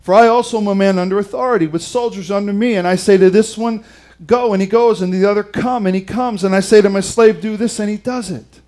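A man preaching a sermon, reading scripture and retelling it with dramatic, emphatic delivery and wide swings in loudness. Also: high-pitched, fast.

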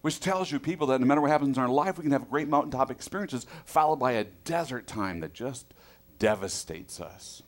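A man preaching a sermon, reading scripture with joking asides, his loudness swinging from quiet to emphatic. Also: fairly low pitch. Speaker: pastor.

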